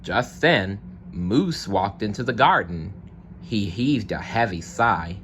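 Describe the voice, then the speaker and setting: A man reading a children's picture book aloud, narrating slowly and expressively. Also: on the low side, a little hiss or hum. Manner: slow, expressive. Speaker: story reader. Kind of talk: read-aloud storybook narration.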